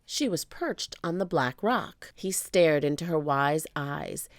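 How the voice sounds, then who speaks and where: A woman narrating a children's book aloud with expressive storytelling. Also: deep voice, takes it slowly, no echo, clean studio sound.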